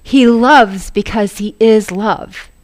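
A woman's voice: medium pitch, slow, a little mellow. A woman preaching a sermon to a congregation, earnest and laughing often as she speaks.

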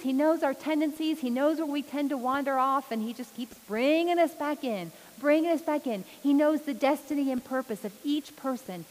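Woman preacher, high voice, chatty informal sermon, frequent laughter, long reverb, faint hiss. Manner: laughs often, lively and chatty.

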